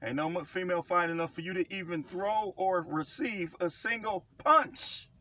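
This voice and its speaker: A man's voice: high-pitched, normal speed, bright, forceful tone. A man speaking as a self-described prophet, preaching life advice in a blunt, emphatic way and repeating phrases for stress. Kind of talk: casual preaching monologue to camera.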